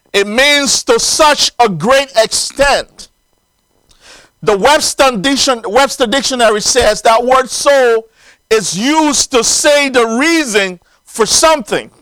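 A man's voice: very high-pitched, fairly bright tone, clean tone, no room sound, poor audio. A man preaching a sermon in an earnest, emphatic way, stressing single words as he explains scripture.

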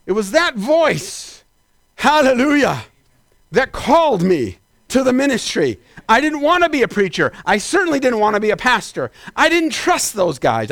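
A man preaching a sermon as pastor, climbing into shouted peaks and then dropping into quick asides. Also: very high-pitched, dry recording.

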